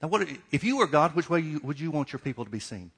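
A man's voice: on the high side, very animated, quick pace, fairly bright tone, husky. Man preaching a conversational sermon. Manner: conversational preaching with repeated questions and acted-out dialogue. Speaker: pastor.

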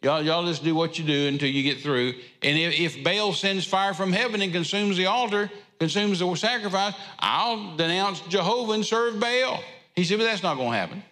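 A man's voice: high voice, brisk, few pauses, sharp tone. A man preaching a sermon, telling a Bible story in a folksy way. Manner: folksy storytelling with drawled asides. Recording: echoey hall reverb.

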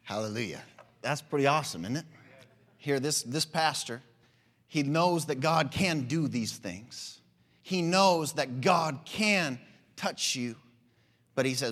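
A man's voice: medium pitch, animated, a little slow, long pauses, fairly bright tone, big-room sound. A man preaching a sermon, fervent and emphatic, calling out for amens.

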